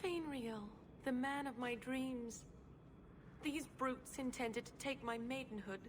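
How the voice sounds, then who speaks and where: Swoony lovesick game girl, high voice, theatrical, noisy ambience. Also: slow. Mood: dreamy. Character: lovestruck young woman, swooning and dreamy. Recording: game audio with ambient noise.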